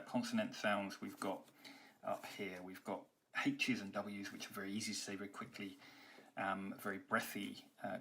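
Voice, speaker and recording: In a recorded university lecture on poetry, a man with a mid-range, fairly bright voice speaks conversationally. He explains things step by step, often pausing with ums and uhs.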